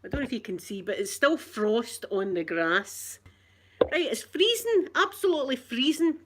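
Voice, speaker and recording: A Glaswegian woman in middle age, recording herself at home on a phone, recounting a run-in with animated, indignant energy. Her voice sits a touch high and she laughs often through the telling. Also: normal speed, a little hiss or hum. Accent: Scottish, Glasgow. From Scotland. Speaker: vlogger. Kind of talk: casual storytelling to camera. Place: at home, in a living room.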